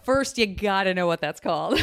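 A woman's voice: mid-range voice, lively intonation, moderate pace, a bit bright. A woman hosting a podcast, chatting playfully and laughing often as she runs a casual interview game. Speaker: podcast host.

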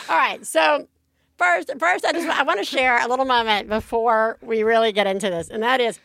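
A woman's voice: on the high side, normal speed, gravelly, fairly bright tone, no echo. A young woman co-hosting a podcast, chatting candidly, laughing and swearing freely. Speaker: podcast co-host. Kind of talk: casual chat.

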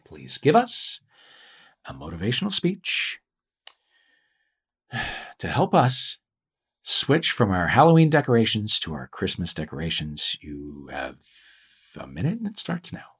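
A man hosting a comedy game show, his voice a little husky and on the lower side. He talks with a lively, swooping pitch, playful and teasing as he sets up each round. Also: unhurried, long pauses. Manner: playful, teasing, animated delivery.

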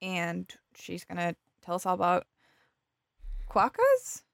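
A woman co-hosting a podcast in casual chat, playful and quick to agree. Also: a little high, lively intonation, no echo, clean studio sound. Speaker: podcast co-host.

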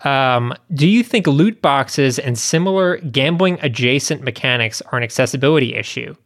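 A man's voice: mid-range voice, expressive, normal speed, a bit bright. A man hosting a podcast in a casual chat, reading out listener mail. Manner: easygoing, reads listener mail. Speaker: podcast host.

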